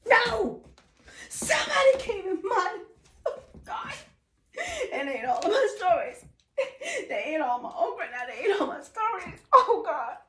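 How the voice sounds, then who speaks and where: A woman voicing a tired, hardworking male bear in a folk tale, who exclaims loudly. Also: very high voice, animated, moderate pace, exaggerated voice. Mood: upset. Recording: echoey room, distant mic.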